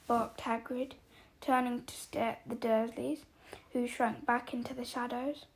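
A woman narrating a story aloud in a measured, expressive way. Her voice sits high and carries a noticeable vocal fry, and she takes her time over each phrase. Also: rough recording.

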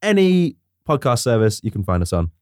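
A man's voice: medium pitch, brisk, smooth, dry recording, clean studio sound. A young man hosting a casual podcast, chatty and laughing between lines. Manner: lively, laughing, swearing banter. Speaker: podcast host.

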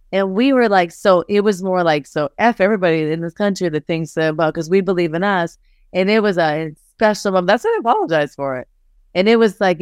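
A middle-aged woman coach telling her story in a candid interview, her voice smooth and clear. She talks animatedly, scattering "like" through her sentences and acting out what people said. The sound is close and dry, with no room around it. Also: medium pitch, dry recording. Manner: animated storytelling, frequent "like" fillers, acts out quotes. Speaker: basketball head coach, interview guest.

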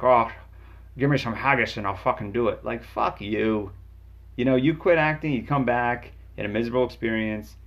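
A man ranting about a video game in an angry, sarcastic, profane comedic way, jumping in pitch for emphasis. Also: vocal fry. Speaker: game reviewer. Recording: dull lo-fi sound.

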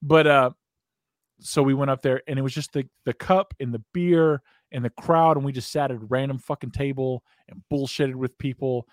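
A man's voice: medium pitch, fairly even intonation, moderate pace, dry recording, clean studio sound. A man with an American accent, hosting a podcast and telling a long, profane, rambling story in casual chat, often breaking into laughter. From United States. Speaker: podcast host.

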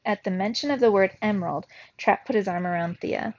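A woman's voice: mid-range voice, moderate pace, few pauses, no room sound. Woman reading a storybook aloud. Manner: lively reading with small slips and laughs at her mistakes. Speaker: teacher reading aloud to students. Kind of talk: children's book read-aloud. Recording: slightly dull lo-fi recording in a dry room.

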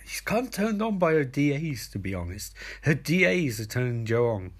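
A man putting on a flustered, gruff older police detective in a comic recap, speaking in low, mumbling asides. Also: very animated, normal speed.

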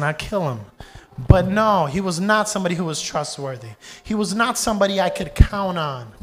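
In a high-pitched voice, a young adult male pastor brings his sermon to life through animated storytelling. He performs character voices and addresses questions to the congregation.

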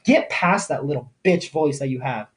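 A young man hosting his own podcast, ranting hard about fitness and grit. His delivery is blunt, heated and packed with swearing, with no polish or pause for niceties. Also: mid-range voice, fairly bright tone. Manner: profane, fired-up and blunt. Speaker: podcast host. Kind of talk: motivational podcast rant.

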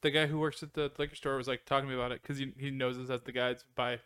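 A man co-hosting a casual podcast, rambling and halting between jokes. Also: medium pitch, little pitch movement, a bit bright, clean tone, no room sound, studio quality. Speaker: podcast co-host. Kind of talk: casual group chat.

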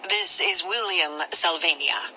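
A woman's voice: fairly low pitch, unhurried, bright, forceful tone, slight background noise, poor audio. A woman voicing a polite society lady from an old movie who speaks in a gracious, old-fashioned way.

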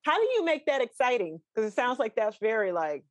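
A woman's voice: a little high, sing-song, brisk, dry recording. Woman, interview host, video content coach, chatty, upbeat, dry close recording. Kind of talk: casual video-call interview. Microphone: video call.

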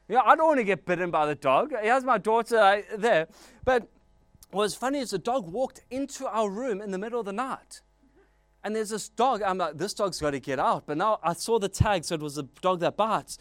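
A man preaching a sermon as pastor, animated and storytelling with jokes and asides. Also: sits high, no room sound.

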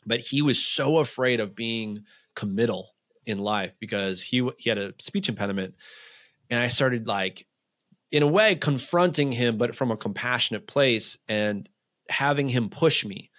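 A man, a men's coach, talking in a casual podcast conversation, telling animated stories full of "like" and acted-out quotes. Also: mid-range voice, moderate pace, dry recording, studio quality.

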